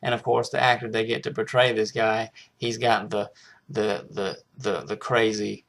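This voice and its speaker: A man's voice: fairly low pitch, flat delivery, moderate pace, vocal fry, fairly bright tone. A man casually reviewing a film, rambling with frequent restarts and hesitations.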